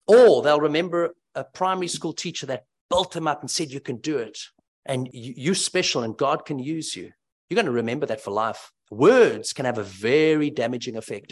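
A man preaching an expository sermon, emphatic and animated, asking rhetorical questions. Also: on the high side.

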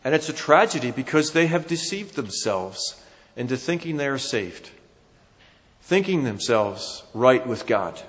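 A man with a New Jersey accent preaches an emphatic sermon in a mid-range, slightly bright, sing-song voice at a measured pace, rising and falling for emphasis. The sound is dull, with long hall reverb.

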